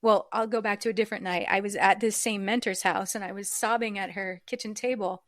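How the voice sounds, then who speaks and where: A woman guest in an interview, telling a personal story reflectively, with frequent fillers and soft laughs. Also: mid-range voice, steady tone, brisk, dry recording, clean studio sound. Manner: reflective, acts out remembered dialogue. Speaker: podcast guest.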